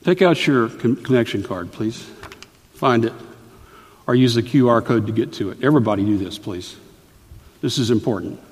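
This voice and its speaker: A middle-aged male pastor delivering a sermon in an earnest, deliberate way, often stopping to explain a point. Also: medium pitch, expressive, a little mellow, husky. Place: church sanctuary. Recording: reverberant church hall.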